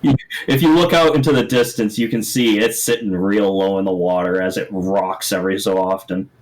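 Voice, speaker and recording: A man narrating a tabletop game as game master, halting and repeating words as he describes the scene. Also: fairly low pitch, steady tone, low-quality recording.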